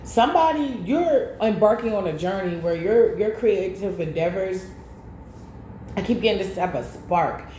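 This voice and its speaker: Animated woman in an echoey room. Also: medium pitch, moderate pace. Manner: animated storytelling with slang. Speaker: tarot reader. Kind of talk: casual chat. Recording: echoey room with faint noise.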